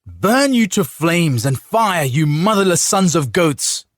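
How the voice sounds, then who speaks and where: A hot-tempered farmer in a fantasy audiobook, stubborn and blustering, as a man acts him out. He shouts in a raised, strained voice full of swings in pitch. The sound is dry and close, with a husky edge. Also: big pitch swings, slow pace, no room sound. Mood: angry. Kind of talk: audiobook character voice.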